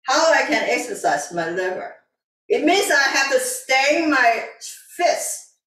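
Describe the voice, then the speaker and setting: A woman leads a tai chi session at an unhurried, slow pace, calmly repeating cues to breathe in and out. Her voice comes from some distance away in an echoey room. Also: sits high. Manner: calm, repetitive breathing cues, simple non-native grammar. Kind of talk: guiding an exercise class.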